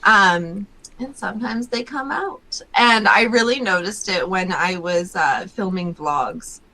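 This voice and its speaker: A woman's voice: mid-range voice, a little slow, bright, forceful tone, low-quality recording. A young adult woman hosting a podcast, talking casually and chattily with many fillers. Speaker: podcast host.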